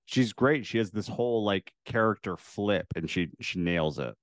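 A man's voice: on the low side, lively intonation, moderate pace, no echo. Rambling man podcast co-host, many fillers. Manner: rambling, filler-heavy, laughs often. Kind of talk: casual movie chat.

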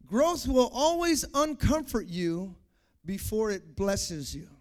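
High-voiced preacher, soft to shouting. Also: male voice, very animated, slow pace. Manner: call-and-response preaching, repeats phrases, swings from soft to shouting. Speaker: pastor. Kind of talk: sermon.

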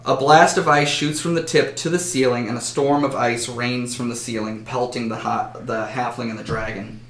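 A man's voice: medium pitch, fairly even intonation, normal speed, a bit bright. A man narrating a fantasy battle story dramatically, with occasional slips. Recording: roomy echo.

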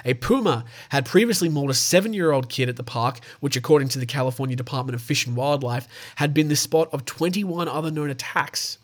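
An Australian man hosts a casual show, reading animal news stories, stumbling over names and tossing in sweary asides. His medium-pitched voice is animated and a bit fast, with barely any pauses.

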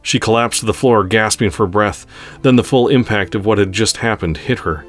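A man narrates a space adventure story at an even, unhurried pace. His voice sits very low in pitch. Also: soft background music.

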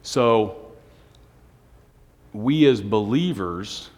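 Man preaching, low voice, even monotone delivery, long hall reverb. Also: very slow. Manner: self-described monotone, joking asides with the congregation. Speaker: pastor. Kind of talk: sermon. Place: church hall on a Sunday night.

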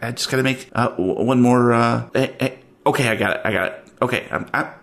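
A man's voice: mid-range voice, brisk, gravelly, lightly acted. A man voicing a flustered middle-aged woman storage clerk who stammers and fusses politely. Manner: hesitant, stammering, fussy politeness.

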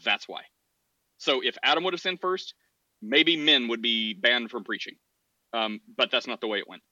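A man's voice: medium pitch, normal speed, bright, forceful tone, no echo, dull audio. A man hosting a podcast, arguing in a casual debate with frequent restarts and short laughs. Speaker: podcast host.

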